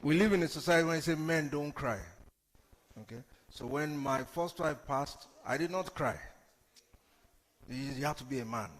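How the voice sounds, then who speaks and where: Man on a panel, chatty, repeats himself, voice a bit high, reverby hall. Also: normal speed, fairly bright tone. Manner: conversational, repeats phrases. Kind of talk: personal testimony in a panel.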